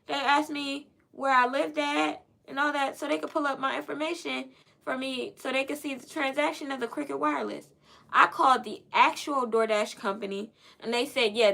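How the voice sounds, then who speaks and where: A woman with a bright, slightly gravelly voice hosts her podcast from a chair in her own room. She tells a story casually to her listeners and gets animated, acting out both sides of phone calls herself. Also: sits high. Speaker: podcast host.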